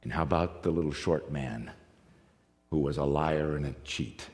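A man from the United States preaching a sermon, telling stories with animated swings from loud to hushed. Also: extremely low pitch, moderate pace. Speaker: pastor. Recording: long reverb of a large hall.

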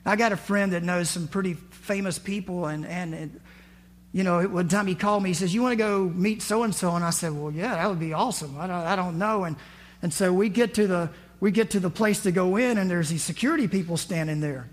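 High-voiced conversational male pastor. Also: fairly quick. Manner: conversational, acts out scripture and quotes with rising emphasis. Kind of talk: sermon.

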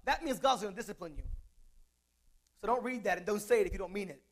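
A man's voice: sits high, quick pace. A man preaching a sermon in a conversational way, mixing scripture with jokes and asides.

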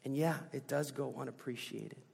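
A pastor preaching a sermon with emphatic delivery that drops to a soft hush on key lines, heard in a church. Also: male voice, mid-range voice, fairly even intonation, moderate pace, vocal fry, slightly rough. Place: church sanctuary. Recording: hall with long reverb.

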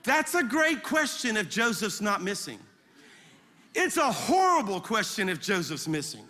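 Brief: male pastor, high bright voice, emphatic storytelling sermon, long hall reverb. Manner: animated, emphatic storytelling with rapid repetitions. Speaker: guest pastor.

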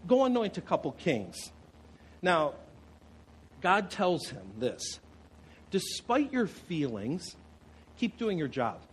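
A man preaching a sermon to a congregation, expressive, with rhetorical questions and dramatic pauses. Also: high voice, husky, rough recording. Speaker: pastor.

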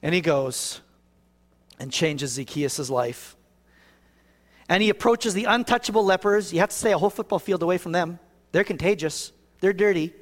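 Guy preaching a sermon, pretty high voice, goes hushed then loud, long hall echo. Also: normal speed. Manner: swings from hushed to raised, preacherly emphasis. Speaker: pastor.

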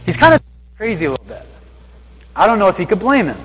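His voice sits high and sing-song, fast and fairly bright, echoing as if in a hall. He's a Bible teacher who reads every verse aloud before paraphrasing it in loose, slangy, everyday speech.

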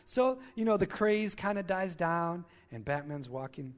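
A man preaching a sermon as a pastor in a church, telling stories in an animated way and acting out the voices. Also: high-pitched, measured pace, long reverb tail. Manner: animated storytelling, acts out screams and quotes. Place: church sanctuary.

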